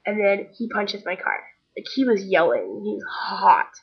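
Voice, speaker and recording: In a casual storytelling vlog, a talkative young woman addresses the camera and performs the voices of the people she quotes. Her voice is medium-pitched and a little husky, with big pitch swings at a normal speed, over dull, lo-fi audio.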